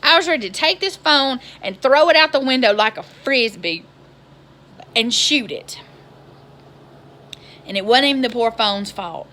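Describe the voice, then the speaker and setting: A woman, telling a story in an exasperated, animated vlog style. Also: fairly high pitch, a little slow, long pauses. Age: 20s. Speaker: vlogger.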